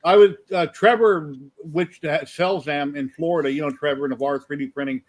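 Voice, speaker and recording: A man's voice: a little high, steady tone. A man hosting a casual live stream chat, telling rambling stories. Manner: quick, rambling storyteller. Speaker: show host.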